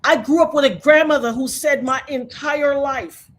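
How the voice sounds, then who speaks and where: A woman's voice: sits high, moderate pace, a bit bright. A woman in her fifties, telling her story with fervent, preacher-like conviction as an interview guest. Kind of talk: emotional testimony in conversation.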